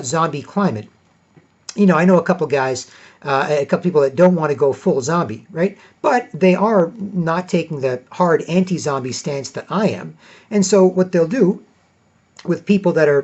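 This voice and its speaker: On a dull lo-fi recording, a man with a fairly high and slightly mellow voice hosts a podcast. His casual monologue rambles, peppered with "you know" and "right."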